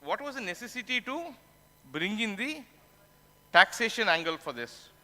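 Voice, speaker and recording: A very animated tax conference speaker with a high voice lectures at normal speed, sounding pushed and bright in the big-room acoustics of a conference hall. He walks through terminology by asking questions and answering them himself.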